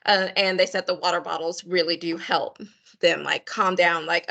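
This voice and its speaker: Gravelly woman briefing volunteers on a call. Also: fairly low pitch, steady tone, moderate pace, sharp tone. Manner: friendly, repeats requests, many fillers. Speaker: volunteer coordinator. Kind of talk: online meeting briefing. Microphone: video call.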